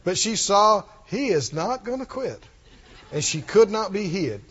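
A man preaching a sermon, telling the story with animated delivery, acting out quoted lines and chuckling often. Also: sits high, a little slow, breathy edge, lo-fi sound.

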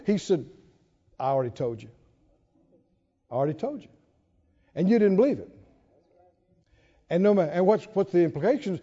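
A man preaching a sermon, emphatic, repeating phrases and building to shouts. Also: high voice. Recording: long hall reverb, dull lo-fi sound.

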